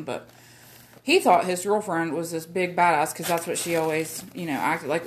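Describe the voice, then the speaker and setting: A woman's voice: fairly low pitch, normal speed, a little hiss or hum. A woman, telling a personal story in a rambling way, full of swearing, fillers and asides.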